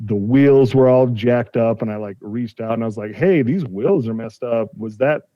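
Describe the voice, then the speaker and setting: Man, 40s, mid-pitch, conversational storyteller; dry, slightly muffled recording. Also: normal speed, dry recording. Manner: retells a dispute, acting out quoted exchanges. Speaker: podcast guest, car collector. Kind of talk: casual storytelling. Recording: slightly dull, dry sound.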